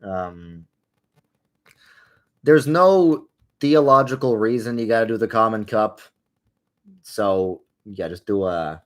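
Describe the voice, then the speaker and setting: A man's voice: fairly low pitch, animated, takes it slowly, long pauses. A young man talks casually into his desk mic while gaming, answering viewers. His chat wanders from point to point, and he drops in dry, sarcastic remarks as he goes. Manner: rambling, chatty, drifting into wry sarcastic asides. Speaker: livestream host answering viewer questions. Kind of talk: casual livestream chat while playing a game.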